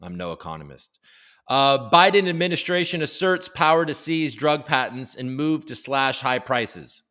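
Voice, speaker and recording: A man's voice: mid-range voice, lively intonation, normal speed, bright, forceful tone. A man from the United States hosting a casual live stream from home, joking loosely and greeting chat viewers by name. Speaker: livestream host.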